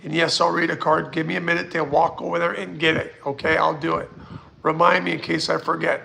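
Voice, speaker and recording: A man with a bright, sharp tone hosts a casual live stream. He talks bluntly, swears now and then, and reads viewer questions aloud. His voice sits high and carries a gravelly rasp. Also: fairly even intonation, moderate pace. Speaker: psychic hosting a live Q&A.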